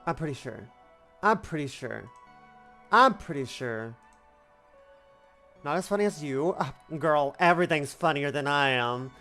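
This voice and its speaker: A woman's voice: deep voice, expressive, measured pace, long pauses, a bit bright, faint music behind. A woman in her twenties streaming a game, chatting casually, rambling and playfully repeating herself. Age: 20s. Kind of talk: casual let's-play chat.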